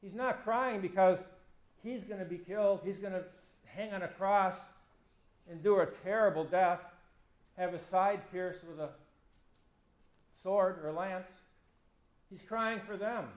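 Fifty-something pastor preaching in an echoey church. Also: male voice, high-pitched, measured pace, pauses often. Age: 50s. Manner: conversational, self-deprecating, acts out quoted speech. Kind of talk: sermon.

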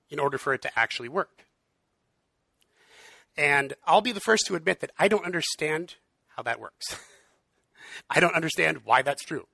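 A man's voice: a little high, creaky, sharp tone, husky, dry recording. A man preaching in an earnest, conversational way, with frequent fillers. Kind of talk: casual sermon.

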